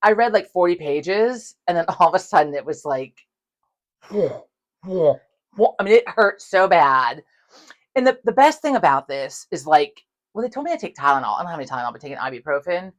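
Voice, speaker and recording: A woman on a casual chat podcast tells stories with plenty of swearing. Her voice sits low, yet it swings widely as she acts out each side of a conversation. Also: moderate pace. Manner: profane, animated, acts out dialogue. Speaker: podcast co-host.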